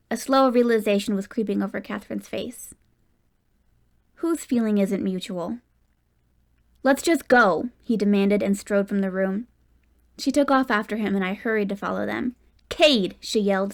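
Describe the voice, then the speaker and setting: A woman reading a first-person audiobook in a steady, expressive narration. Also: medium pitch.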